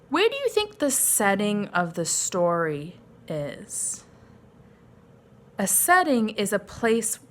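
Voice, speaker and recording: A woman teacher reads a picture book aloud to young children, stopping to ask them questions. Her voice is bright and swings lively in pitch at an unhurried pace. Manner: friendly questions to young listeners. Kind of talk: children's story read-aloud lesson.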